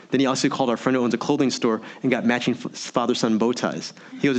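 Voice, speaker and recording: Energetic man giving a motivational talk. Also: medium pitch, fast talker, few pauses. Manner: energetic, preacher-like, rhetorical questions. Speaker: motivational speaker. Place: virtual meeting event.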